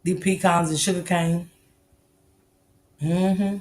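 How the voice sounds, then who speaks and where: A woman's voice: lowish voice, steady tone, slow pace, darkish tone. A woman, chatting casually with her live-stream viewers, talking loosely, swearing freely and laughing often. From American South. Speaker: livestream host. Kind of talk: casual live-stream chat reading comments.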